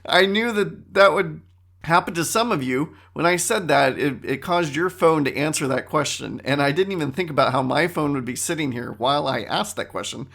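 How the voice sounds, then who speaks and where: Wry, animated middle-aged man hosting. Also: fairly high pitch, moderate pace, vocal fry. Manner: animated, wry, self-interrupting. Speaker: podcast host. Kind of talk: casual solo podcast talk.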